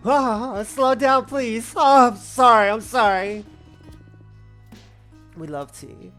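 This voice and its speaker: A woman voicing an excitable young witch friend in game dialogue, gushing and eager with quick questions. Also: fairly high pitch, soft background music. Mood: excited. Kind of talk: reading game dialogue aloud.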